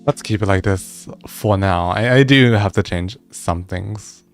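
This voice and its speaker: A man's voice: fairly low pitch, unhurried, soft background music. A man chatting casually with viewers during a livestream, laughing often and restarting his words as he goes. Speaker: music streamer.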